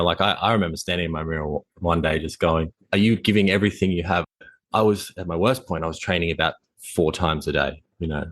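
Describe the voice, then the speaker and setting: A male fitness coach speaks on a podcast in an intense, blunt, motivational way. He talks quickly in a low voice, and the recording is dry and close. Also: no room sound. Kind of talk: casual interview chat.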